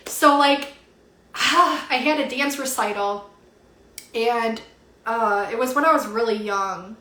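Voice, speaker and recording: Young woman reader, lively casual livestream chatter, slightly high voice, roomy echo. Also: unhurried. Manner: chatty and animated, swears casually, many "like" fillers. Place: at home.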